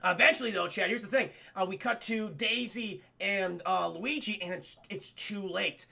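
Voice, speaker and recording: A man recapping a film for his stream chat, excitable, swearing constantly and acting out the scenes. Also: high-pitched, normal speed, gravelly.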